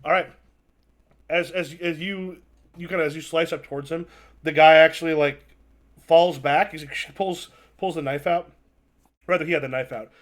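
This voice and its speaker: Brief game master, halting delivery, a touch higher voice. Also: male voice, fairly even intonation. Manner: halting, filler-heavy, chuckling. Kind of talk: improvised tabletop narration.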